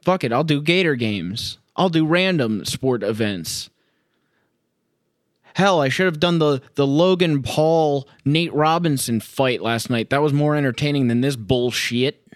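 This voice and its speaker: A man's voice: on the high side, measured pace, no room sound, clean studio sound. A young man hosting a solo sports podcast, ranting with sarcasm, swearing and exasperation while he watches a game at home. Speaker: podcast host. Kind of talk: solo sports reaction rant.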